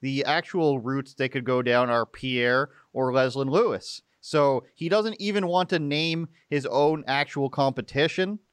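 Sarcastic commentary host. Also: male voice, medium pitch, unhurried, hardly any pauses, clean tone, dry recording. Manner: sarcastic, mocking. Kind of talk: opinionated live commentary.

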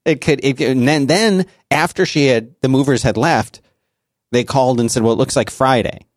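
A man in his thirties chatting casually and telling animated family stories, acting out the voices of his relatives. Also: medium pitch, normal speed, dry recording, clean studio sound. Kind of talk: casual chat.

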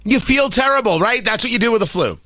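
Guy doing a sarcastic opinion monologue, high voice bouncing all over, lots of punchy rhetorical questions. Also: lively intonation, quick pace, sharp tone, no echo, clean studio sound. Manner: sardonic and opinionated, with frequent emphatic rhetorical questions. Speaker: commentary show host.

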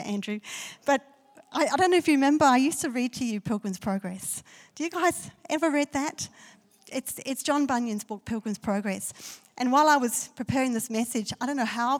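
A fairly high-voiced woman preaches to her church, telling stories and building into fervent declarations. Her voice rings with a long reverb from a large hall. The sermon has the feel of a live congregation address. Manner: story-driven preaching that swells into loud declarations. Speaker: pastor.

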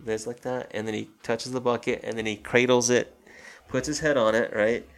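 A man's voice: mid-range voice, level tone, normal speed. A man co-hosting a casual film talk, retelling a horror movie scene by scene and acting out its lines. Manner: loose retelling, acts out quoted lines. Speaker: podcast co-host.

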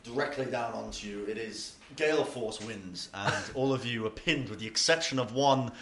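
A man's voice: medium pitch, moderate pace. A man acting as game master, narrating a tabletop game in a casual, joking way. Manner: casual, jokey, switching into loud villain shouts.

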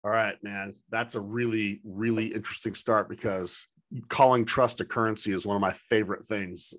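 A man's voice: lowish voice, steady tone, normal speed, a bit bright, no room sound. A man hosting a sales podcast, enthusiastic and hyped-up as he introduces and interviews a guest. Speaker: podcast host.

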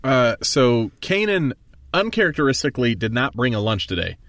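A man's voice: medium pitch, big pitch swings, normal speed, a bit bright, dry recording. A man playing a tabletop role-play, loosely describing his character's actions with many fillers. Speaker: player.

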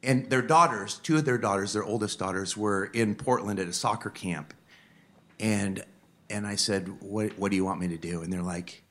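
Earnest, fairly low-voiced male preacher. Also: normal speed. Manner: earnest, builds from hushed to fervent. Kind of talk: sermon storytelling.

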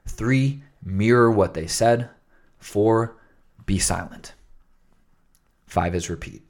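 A man with a fairly low voice talks through an idea in a loose, casual podcast chat. He rambles and restarts often, leaning on fillers as he explains. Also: slow pace, darkish tone.

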